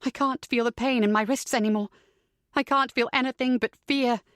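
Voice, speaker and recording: A woman's voice: a little high, fairly even intonation, normal speed, a bit bright, no echo, clean studio sound. A woman narrating a first-person psychological thriller audiobook in a tense, dramatic way.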